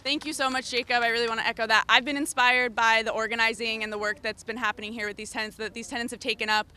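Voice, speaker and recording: Woman, rally organizer, halting speech with fillers, smooth bright voice. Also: a little high, little pitch movement. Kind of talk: hesitant casual remarks.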